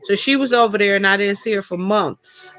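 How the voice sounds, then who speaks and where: Chatty woman with a bright voice. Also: medium pitch, a little fast, no echo. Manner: chatty, storytelling, colloquial. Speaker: live-stream host. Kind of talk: casual live chat with viewers.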